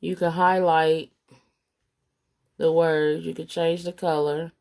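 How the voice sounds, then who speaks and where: A woman's voice: sits low, flat delivery, gravelly, a little mellow. A woman hosting a casual step-by-step craft tutorial, talking unhurriedly with an itchy throat from allergies. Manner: unhurried, plain instructional talk.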